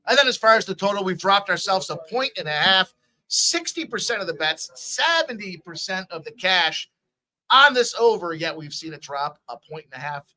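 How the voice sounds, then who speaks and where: A man's voice: high-pitched, animated, normal speed, sharp tone, low-quality recording. A man hosting a live sports betting stream, upbeat as he hypes his picks and reads out chat comments. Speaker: sports betting show host.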